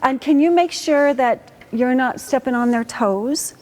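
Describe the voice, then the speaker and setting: A woman coaching a student orchestra in a school auditorium, lively and encouraging, asking the players lots of questions. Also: high voice, measured pace. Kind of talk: rehearsal coaching.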